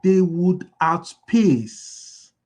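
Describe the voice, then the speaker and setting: High-voiced man repeating points for emphasis. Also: lively intonation, very slow, a little mellow. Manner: repeats key lines for emphasis; asks the audience call-and-response questions. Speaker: business speaker. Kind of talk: motivational business talk.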